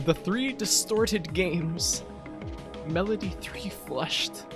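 A man's voice: on the high side, normal speed, over music. A man streaming a game live, chatting casually with viewers, teasing them and reading menus aloud.

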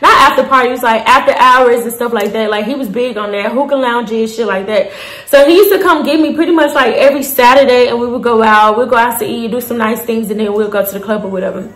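A woman's voice: a little high, quick pace, a bit bright. A woman in her twenties telling a story to her viewers in a casual, candid, slangy and profane way. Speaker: storyteller vlogger. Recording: roomy echo.

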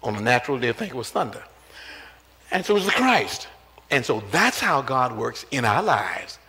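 Older male bishop, 70s, emphatic sermon with call-and-response, bright, animated delivery. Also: medium pitch, normal speed. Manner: down-home grammar, shifting between quiet asides and loud emphasis. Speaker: bishop preaching.

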